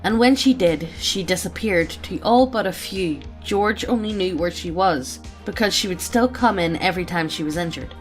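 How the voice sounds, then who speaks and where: Soft music sits behind a woman with a lowish voice as she reads a character's backstory to friends at a moderate pace with few pauses. She keeps bursting into laughter between lines and banter.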